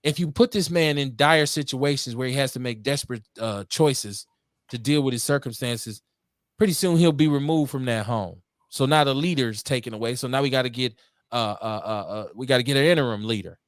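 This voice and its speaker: A man hosting a call-in radio show talks with fiery conviction. He swings between loud, pitched-up rants and low, dropped asides, swearing as he goes. His voice is mid-pitched and sits close and dry on the mic. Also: a little fast, no echo. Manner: fiery, preachy, swings between shouting and muttering, swears freely. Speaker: host. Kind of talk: impassioned call-in radio talk.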